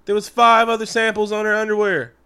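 A man co-hosting a casual movie recap chat, animated and profane, acting out characters' lines. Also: high-pitched, brisk, gravelly, smooth. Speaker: podcast co-host.

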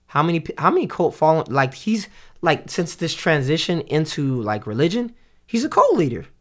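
A man in a casual chat about hip-hop, talking in a rambling, halting way with many restarts and fillers. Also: a little high, sing-song, fairly bright tone.

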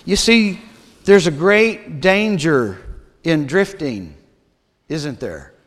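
A man preaching a sermon as a pastor, deliberate and measured, sometimes dropping to a hush. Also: on the high side, animated. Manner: slow, deliberate preaching with dramatic drops to a hush. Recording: long reverb of a large hall.

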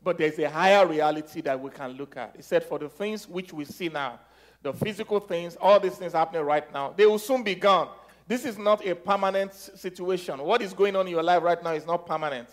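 A man preaching a sermon as pastor, repeating phrases, leading the congregation in declarations and swinging from soft teaching to loud exhortation. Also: fairly high pitch, brisk. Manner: repeats phrases and leads call-and-response declarations.

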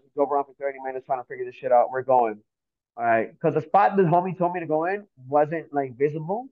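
A man from Miami, a podcast guest, telling a story in an animated, profane, slang-filled way. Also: fairly high pitch. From Miami, Florida. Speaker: podcast guest, graffiti artist. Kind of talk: casual storytelling. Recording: tinny phone-like audio.

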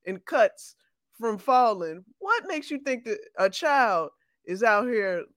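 A woman co-hosting a casual podcast, making drawn-out, incredulous remarks. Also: fairly high pitch, very animated, a bit bright, no echo, clean studio sound. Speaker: podcast co-host.

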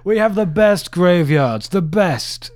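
A man doing a slow, boastful politician. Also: high voice, expressive, darkish tone, dry recording, voice pushed up. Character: boastful bombastic male politician.

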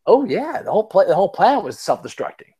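A man's voice: sits high, sing-song, fast talker, mellow, slightly rough. A man hosting a podcast in casual chat, telling rambling, self-mocking stories and swearing casually. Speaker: podcast host.

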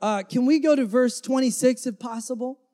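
A man's voice: very high voice, moderate pace, mellow. A man preaching a sermon to his church in a dynamic, emphatic style, acting out the lines he quotes. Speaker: pastor. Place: church before a congregation.

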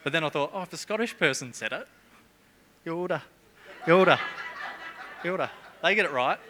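A man's voice: a little high, lively intonation, rapid-fire, noisy background. A middle-aged man preaching a sermon in a church, chatty and jokey, with humorous asides.

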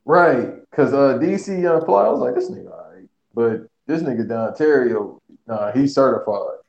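A man chatting as a podcast guest, firing off quick slangy jokes. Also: medium pitch, lively intonation, vocal fry. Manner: quick joking comebacks, slangy. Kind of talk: casual podcast banter. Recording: roomy, dull lo-fi sound.

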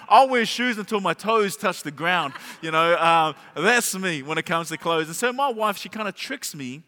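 A middle-aged pastor preaching a sermon, telling a humorous story and asking the congregation rhetorical questions. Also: male voice, on the high side, pushed and bright. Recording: long hall reverb.

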